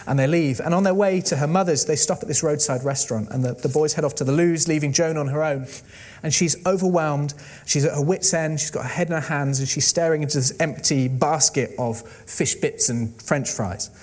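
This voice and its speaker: A man preaching, his voice sitting a little higher than most men's. He tells a story with animated delivery and voices the quoted lines in his own plain voice. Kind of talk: sermon.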